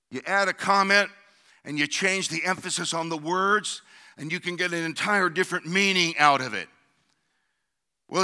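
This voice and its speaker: A middle-aged man delivers a sermon with a high, very bright and forceful voice. He preaches in waves, climbing into shouted emphasis and calls to his congregation. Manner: preaching with rising shouted emphasis and call-outs. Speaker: pastor.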